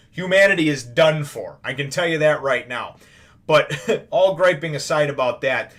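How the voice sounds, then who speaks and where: A man's voice: medium pitch, fairly bright tone. A man hosting a casual anime review, recapping an episode in a rambling, conversational way with occasional swearing. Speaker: anime reviewer, show host.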